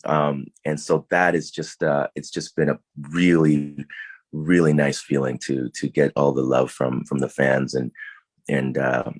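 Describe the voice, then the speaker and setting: Very deep-voiced actor talking warmly. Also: male voice, level tone, a little slow, breathy edge, no echo. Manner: thoughtful, many fillers and restarts. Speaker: actor, interview guest. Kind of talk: casual interview answers.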